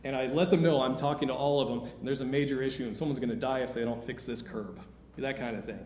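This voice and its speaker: A man's voice: mid-range voice, steady tone, quick pace, a little mellow. A man giving an informal, encouraging talk at a conservation workshop, often breaking off and restarting his sentences. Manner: informal, self-interrupting, encouraging. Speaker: workshop speaker. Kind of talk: conference talk. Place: lecture room. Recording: echoey room with faint noise.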